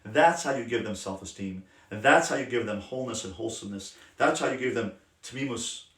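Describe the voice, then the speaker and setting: Rabbi giving a passionate roomy lesson. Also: male voice, mid-range voice, fairly quick. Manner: passionate, emphatic, drops to soft gentle tones. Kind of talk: Torah class on parenting. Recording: roomy sound from a distant mic.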